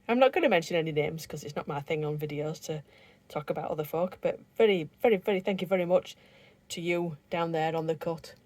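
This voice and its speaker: A woman's voice: low voice, brisk, darkish tone, no echo. A woman chatting casually to camera as a vlogger on a canal boat, teasing and laughing often. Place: on and beside a canal narrowboat, outdoors. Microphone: phone camera.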